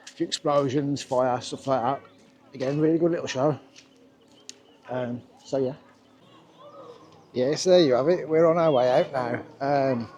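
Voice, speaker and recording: A man from England talks casually to his handheld camera outdoors at a castle, rambling along with plenty of fillers. His voice sits at a mid pitch. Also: darkish tone. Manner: chatty, rambling with many fillers. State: out of breath. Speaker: family vlogger. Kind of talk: casual vlog chat.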